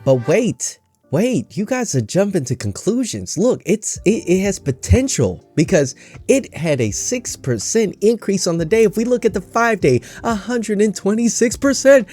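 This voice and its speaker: A man's voice: high voice, sing-song, moderate pace, darkish tone, soft background music. A man hosting a casual, jokey stock market vlog, rambling with self-mocking asides.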